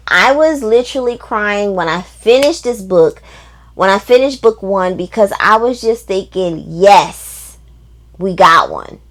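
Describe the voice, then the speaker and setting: A woman book vlogger talking casually and emphatically, with lots of fillers and frequent laughs. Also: medium pitch. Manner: chatty, emphatic, many fillers; reads quotes in a voice, laughs often. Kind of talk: casual book review chat.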